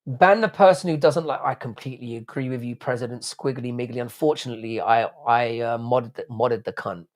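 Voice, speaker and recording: A man's voice: mid-range voice, brisk. A man with a strained throat hosting a livestream, reading out chat and bantering back in a laddish, sweary way. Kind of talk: casual live stream chat.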